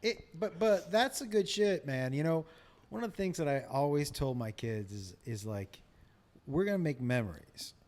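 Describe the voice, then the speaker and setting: A man's voice: a little high, moderate pace. A middle-aged man chatting casually on a podcast, telling stories with frequent laughs. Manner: animated storyteller, laughs often. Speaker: comedian guest.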